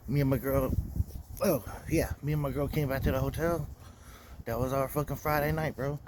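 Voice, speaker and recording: A young man recapping his weekend in a loose, profane rant. His voice sits at an average pitch and he talks in a heated, conversational way. A faint background noise runs under the recording. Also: steady tone, moderate pace. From Florida. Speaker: podcast host. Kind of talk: casual storytelling rant.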